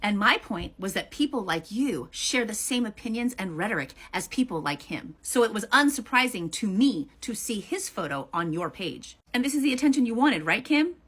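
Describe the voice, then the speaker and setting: A woman's voice: medium pitch, very animated, normal speed, few pauses, fairly bright tone, breathy edge. A woman answering a critic in a heated response video, blunt and confrontational, swearing freely.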